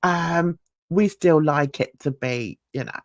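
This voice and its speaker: Older woman host, chatty and unhurried, slightly low voice, dry close sound, rambling with laughs. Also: no room sound. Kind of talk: casual livestream chat.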